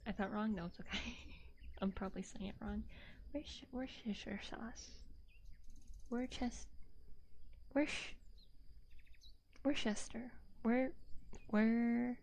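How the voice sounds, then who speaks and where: Woman, soft-spoken ASMR chat, slow and unhurried, mellow tone, giggly, half-whispered, binaural mic. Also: a little high, slight background noise. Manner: playful, giggly, reads chat aloud; drifts into whispers. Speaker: streamer.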